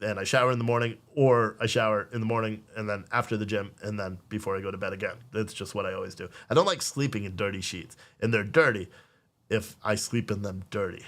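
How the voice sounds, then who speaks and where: A man's voice: fairly low pitch, fairly even intonation, fast, fairly bright tone. A man in his thirties rambles through a family story on his podcast. He swears freely and acts out the lines of his kids and wife. He keeps breaking off to restart. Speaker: podcast host. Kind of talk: casual storytelling on a live stream.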